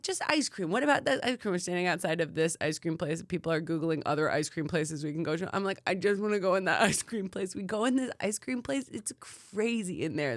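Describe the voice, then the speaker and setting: A woman's voice: lowish voice, no echo, clean studio sound. A woman co-hosting a podcast in casual chat, telling stories with lots of fillers and acting out quotes. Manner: animated storytelling, many fillers, acts out quotes. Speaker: podcast co-host.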